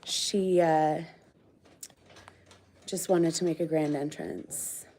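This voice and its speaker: A woman on her farm coaxes and teases her animals in an unhurried, fond way. Her voice sits a little low and she takes her time. Loud farmyard noise runs under everything she says. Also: steady tone. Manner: coaxing, affectionate, teasing. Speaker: farm vlogger. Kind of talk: casual talk to farm animals.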